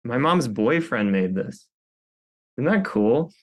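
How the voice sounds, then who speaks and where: A man's voice: mid-range voice, big pitch swings, takes it slowly. A man chatting as a guest on a podcast, rambling and self-conscious, joking with the hosts. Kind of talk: casual chat. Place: podcast studio.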